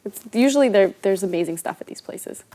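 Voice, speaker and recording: A woman's voice: medium pitch, lively intonation, a little fast, mellow. A woman in her twenties, a travel influencer and guest, talking earnestly and with emphasis in a casual interview. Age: 20s.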